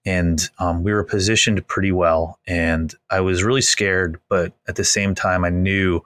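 A middle-aged man who owns restaurants, telling a story in a casual interview with many restarts, acting out the people he quotes. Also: sits low. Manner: animated, acts out quoted voices, many restarts. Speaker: restaurant owner.

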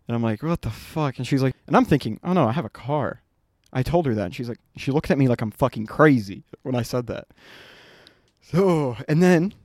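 A man's voice: medium pitch, darkish tone, no echo, clean studio sound. A man in his twenties on a podcast, telling a story in casual chat, swearing freely and laughing as he goes. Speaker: podcast co-host.

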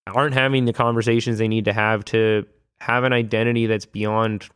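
A man co-hosting a casual podcast chat, thinking out loud and swearing freely. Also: fairly low pitch, flat delivery, brisk, smooth. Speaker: podcast co-host.

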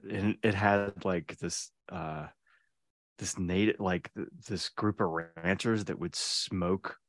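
A man's voice: low voice, no room sound, clean studio sound. A man co-hosting a podcast, chatting casually and rambling, trailing off and laughing often. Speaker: podcast co-host. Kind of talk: casual chat.

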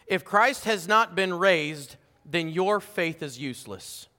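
A bright, sharp-toned man preaches with fervour, his voice pitched high and climbing louder as he presses each point. The sound carries a long reverb, as from a church sanctuary. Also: animated, slow pace. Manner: fervent preaching, rising loud and high on key points. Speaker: pastor. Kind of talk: sermon.

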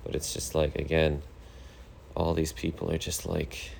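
A thirty-year-old man hosting his own podcast, rambling through a casual monologue in a deadpan, complaining way, with lots of fillers. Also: a bass voice, measured pace, creaky, slight background noise. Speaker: podcast host.

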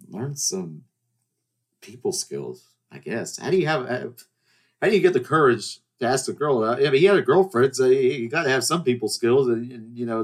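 Young man, twenties, podcast host, casual storytelling, rambling, restarts, acts out dialogue. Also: mid-range voice. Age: 20s.

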